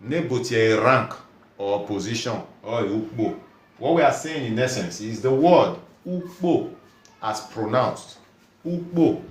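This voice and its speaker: A man teaching a language lesson, who says each word slowly, repeats it for learners to copy and reads out viewers' comments. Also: mid-range voice, roomy sound.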